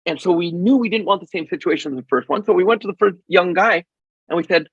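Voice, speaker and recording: A middle-aged man with a slightly raised, husky voice tells a story as an interview guest. He is animated and acts out the dialogue. The sound is dull, lo-fi and dry. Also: high-pitched, quick pace, dry recording. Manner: animated, acts out quoted dialogue, frequent ums. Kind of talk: casual storytelling in a podcast interview.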